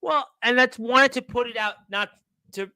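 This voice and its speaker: A man with a high voice hosts a wrestling talk show, rambling and encouraging as he goes, often circling back to the same point. His voice sounds close and dry. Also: normal speed, sharp tone, dry recording. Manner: rambling, encouraging, repeats himself. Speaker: radio show host. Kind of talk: casual podcast chat.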